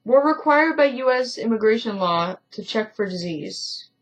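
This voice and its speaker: A woman voicing a kind, earnest young male ship steward in a gentle, polite, solemn way while reading a story game aloud. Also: a little high, expressive, moderate pace, natural voice, poor audio.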